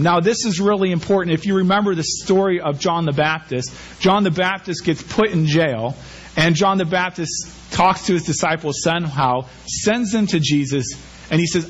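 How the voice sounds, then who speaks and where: A pastor preaching a sermon, animated and conversational, asking the listeners rhetorical questions. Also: male voice, on the high side, normal speed, husky, highs cut off.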